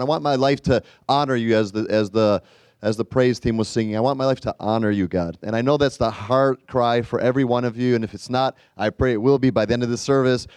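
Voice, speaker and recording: A man's voice: medium pitch, a little mellow, smooth, no echo. Guy preaching easter sermon, rambly and chatty, lots of um and just, dry close sound. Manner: chatty, rambling, many fillers and restarts. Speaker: guest evangelist. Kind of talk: casual storytelling sermon.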